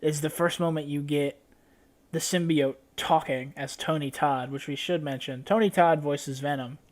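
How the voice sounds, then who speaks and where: A man's voice: a little high, steady tone, moderate pace. A young man, a podcast co-host, chatting casually and animatedly, swearing freely as he recaps. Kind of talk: casual chat.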